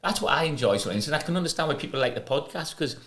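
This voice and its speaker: A man co-hosting a podcast in casual chat, an animated storyteller who mimics old managers. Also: on the high side, rapid-fire. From England or Wales. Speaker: podcast co-host, ex-footballer.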